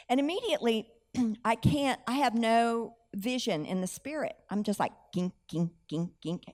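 A woman with a slightly raised voice delivers a sermon as storytelling. She animates each exchange, acts out the dialogue and laughs at her own lines. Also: on the high side. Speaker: preacher.

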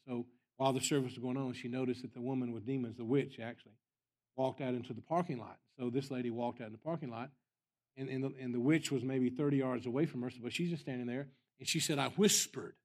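A man preaching as a guest speaker, telling stories in an earnest way with some soft asides. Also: medium pitch, steady tone, fast talker. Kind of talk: storytelling sermon.

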